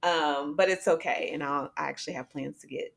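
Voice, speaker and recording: A woman's voice: low voice, a little fast, vocal fry. A young woman hosting a faith podcast, talking in an earnest, conversational way with frequent fillers. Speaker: podcast host. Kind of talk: faith-based encouragement podcast.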